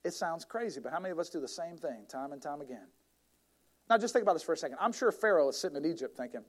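A man in his thirties preaching a sermon as a pastor, animated, acting out whiny complaining voices with big jumps up in pitch. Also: racing.

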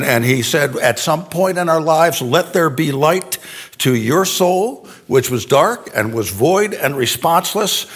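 A man's voice: on the high side, a bit bright, husky. A man preaching a sermon to a congregation in a church, in a conversational style with asides and tag questions. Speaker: pastor. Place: church sanctuary before an audience.

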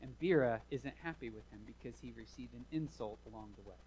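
A man's voice: medium pitch, a little fast, a little mellow, a little hiss or hum, poor audio. A man preaching a sermon, retelling a story vividly with rising emphasis. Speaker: pastor.

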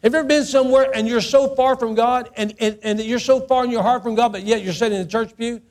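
High-voiced preacher man. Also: steady tone, quick pace, a little mellow. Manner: emphatic, repeats phrases, acts out quotes. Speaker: pastor. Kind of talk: sermon. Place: church.

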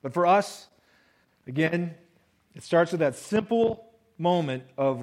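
A man with a high-pitched voice delivers a sermon. He reads scripture and then talks it through in a casual, conversational way, sometimes acting out what people might say. He lets his voice sink low and soft on the lines that matter most. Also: animated, slow, long pauses, low-quality recording. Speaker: pastor.

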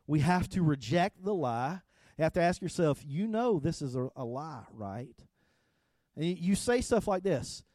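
A middle-aged man preaching in a relaxed, conversational way: a pastor's sermon that stumbles over its own starts and rises and falls in loudness. His voice sits a little high for a man. The sound is dry and close, with no room around it. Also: measured pace, dry recording.

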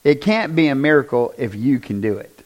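A man preaching a conversational sermon, often asking the congregation questions and rising to loud, emphatic bursts. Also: medium pitch, lively intonation, a little fast, dull audio. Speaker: pastor.

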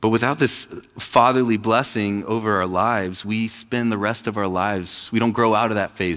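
A man's voice: fairly low pitch, moderate pace, fairly bright tone, big-room sound. A man in his thirties, pastor of a church, preaching a conversational sermon and acting out quoted voices. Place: church sanctuary.

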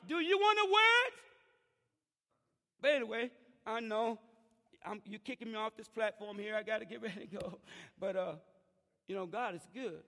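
A man's voice: very high voice, animated, brisk, gravelly, pauses often, pushed and bright. A middle-aged man preaching a fervent sermon in church, calling out to the congregation. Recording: long church reverb.

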